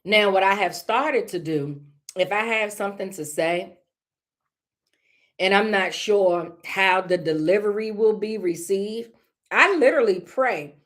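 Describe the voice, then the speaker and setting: A woman talks straight to her live audience in a relaxed, candid monologue with a mid-range voice. She keeps pausing to clear her throat, then picks the thought right back up in an easy, chatty flow. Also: medium pitch. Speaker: live stream host. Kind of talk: casual live-stream monologue.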